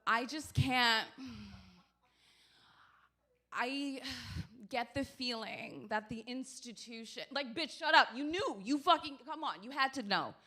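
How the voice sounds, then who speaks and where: Woman, stand-up comedian, brash, profane, animated storytelling, slightly high voice. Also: slow pace.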